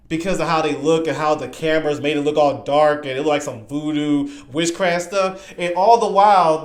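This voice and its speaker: Excitable man with a roomy echo. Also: on the high side. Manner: excitable, rambling, repeats himself. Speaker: horror movie reviewer. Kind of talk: casual spoken review.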